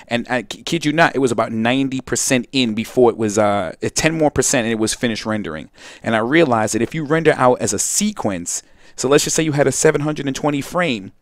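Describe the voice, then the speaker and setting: A young man from Brooklyn, hosting a casual software tutorial, rambling and digressing, often restarting sentences and talking straight to viewers. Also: mid-range voice, no echo, studio quality. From Brooklyn, New York. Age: young adult. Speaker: host and video editing tutor.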